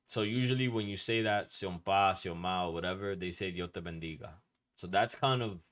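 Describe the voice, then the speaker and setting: A man of Dominican family teaching Spanish etiquette in a casual, slangy lesson, talking bluntly and sometimes swearing. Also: fairly low pitch.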